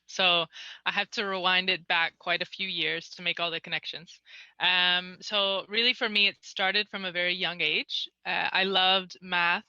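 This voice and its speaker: A woman's voice: fairly low pitch, bright, forceful tone, no echo, highs cut off. A woman from North Carolina, a guest on a podcast, telling her story in a friendly, fluent way. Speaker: podcast guest, analytics consultant. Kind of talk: casual podcast interview.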